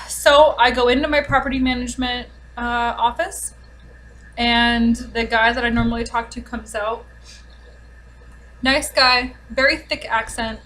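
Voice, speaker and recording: Exasperated woman ranting, slightly high. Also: steady tone, fairly bright tone, low-quality recording. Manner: exasperated, sarcastic, fast-talking. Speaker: vlogger. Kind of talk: casual storytime rant. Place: home, with a dog nearby.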